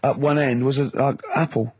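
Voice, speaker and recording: A man's voice: mid-range voice, steady tone, moderate pace, a little mellow, husky, lo-fi sound. A man, hosting a radio show with casual, jokey banter into a studio microphone. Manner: jokey, playful teasing.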